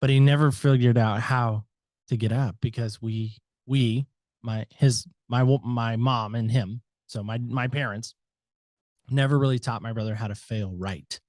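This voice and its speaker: A man quoting his gruff older father, a former Marine, in an everyday voice close to his own. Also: mid-range voice, steady tone, unhurried, a little mellow, dry recording, natural voice. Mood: earnest.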